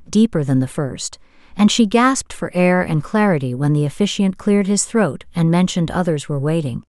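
A woman narrating a romance novel as an audiobook, in a smooth, steady storytelling manner. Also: lowish voice, dry recording, clean studio sound.

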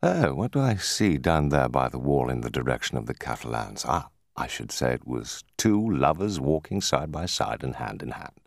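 A man's voice: very deep voice, sing-song, normal speed, vocal fry, no room sound, clean studio sound, voice pushed down, heavily acted. A man voicing a sly, jovial middle-aged neighbour who is tipsy and teasing. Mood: sly joviality.

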